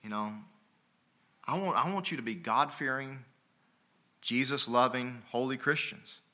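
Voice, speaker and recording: A man's voice: medium pitch, measured pace, pushed and bright. A man preaching a sermon as pastor, folksy and emphatic, firing rhetorical questions at the congregation.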